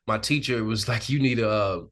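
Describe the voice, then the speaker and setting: A male actor as an interview guest, telling candid stories in a relaxed, animated way, often laughing and acting out the people he quotes. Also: fairly low pitch, brisk. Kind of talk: candid conversational storytelling. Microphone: sit-down interview mic.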